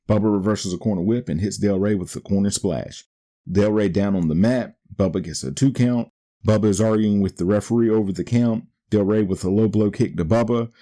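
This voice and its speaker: Low, mellow-voiced man recapping wrestling. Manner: steady play-by-play recap. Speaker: podcast host.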